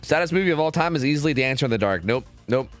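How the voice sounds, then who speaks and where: A man's voice: medium pitch, animated, very fast, soft background music. A man chatting casually with his stream viewers, rambling and swearing a lot, full of fillers. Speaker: streamer and game caster.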